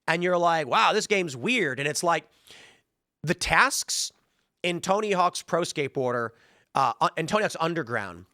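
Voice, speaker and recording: Man hosting a show, blunt and ranting, lively bright voice, dry close sound. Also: a little high, dry recording. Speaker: show host. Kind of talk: opinion commentary.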